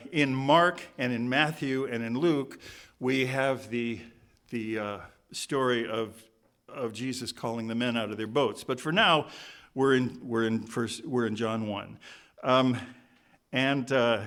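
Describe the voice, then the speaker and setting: A man's voice: mid-range voice, a bit bright. A man giving a sermon in a church, reading scripture and breaking in with informal, joking asides. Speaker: preacher. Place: church sanctuary.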